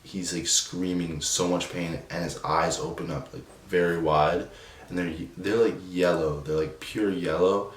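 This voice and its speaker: A young man with a low voice tells a personal story in a slow, subdued way, stopping and restarting often. He sits a little back from the mic in a roomy space, with a faint hiss behind him. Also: steady tone. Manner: halting, full of restarts and "like" fillers; subdued and emotional. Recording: roomy echo, distant from the mic, faint noise.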